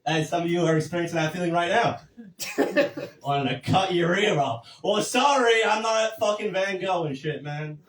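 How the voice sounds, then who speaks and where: Rambling, self-mocking stand-up comedian, echoey room. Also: male voice, high voice, moderate pace, far from the mic. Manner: crude, self-deprecating, rambling with many fillers. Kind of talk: stand-up set. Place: comedy club stage.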